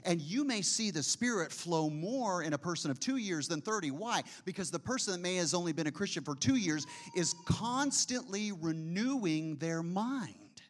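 A man preaching a sermon in a conversational way, often asking his listeners questions and slowing to a hush on key phrases. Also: high-pitched.

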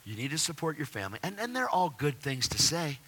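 Bright-voiced excitable man. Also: on the high side, fast. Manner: excitable, animated storyteller. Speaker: testimony speaker. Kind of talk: personal faith testimony.

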